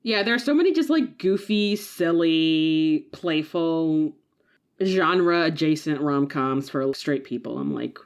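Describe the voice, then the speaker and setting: A woman with a low voice chats casually as a podcast co-host. She talks in an animated, enthusiastic way, laughing often and leaning on filler words. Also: takes it slowly. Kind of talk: casual chat.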